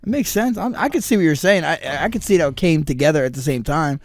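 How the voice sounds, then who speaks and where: A man's voice: a little high, quick pace, no room sound. A man co-hosting a podcast in casual chat, telling stories with lots of swearing and acting out the people he quotes. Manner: animated storyteller, swears freely, acts out quoted people. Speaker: podcast co-host.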